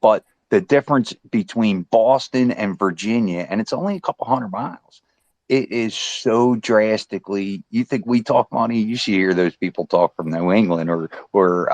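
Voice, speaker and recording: Man, East Coast, casual chatter, lower voice, dry recording. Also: moderate pace, dry recording. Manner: animated, repeats himself, lots of "right?". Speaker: participant in an online audio space. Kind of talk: casual chat.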